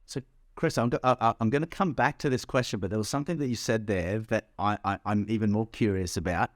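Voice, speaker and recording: A man's voice: fairly low pitch, fast talker, no room sound, studio quality. A man co-hosting an interview, asking curious, probing follow-up questions. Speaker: podcast co-host.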